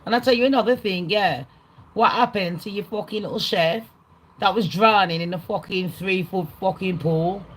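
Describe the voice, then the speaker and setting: A woman hosting a livestream, ranting casually to her chat in an excitable, rambling way, swearing a lot. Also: mid-range voice, normal speed, rough recording. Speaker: livestream host. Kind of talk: casual rant to a live chat.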